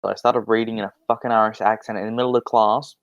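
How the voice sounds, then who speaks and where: A man's voice: on the low side, flat delivery, very fast, dry recording, dull audio. A young man in casual podcast chat, rambling and swearing, with many restarts. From Australia. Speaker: podcast guest.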